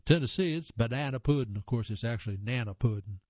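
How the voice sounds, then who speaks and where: A man's voice: mid-range voice, lively intonation, quick pace, darkish tone, dry recording. Male reader, chatty asides, dry lo-fi sound. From American South. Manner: reads aloud with casual asides and self-corrections. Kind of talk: reading magazine items aloud. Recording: dull, dry lo-fi recording.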